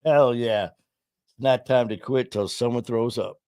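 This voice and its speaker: A man's voice: medium pitch, fairly even intonation, moderate pace, mellow, smooth, dry recording, clean studio sound. A middle-aged man hosting a live stream, telling stories in rambling, casual talk full of fillers. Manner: rambling storyteller, frequent "uh" and "you know". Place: home studio. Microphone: studio mic.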